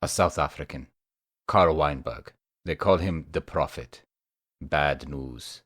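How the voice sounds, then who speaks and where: Calm male mage, measured and direct, very low voice, read by a male narrator. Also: no room sound, studio quality, exaggerated voice. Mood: serious.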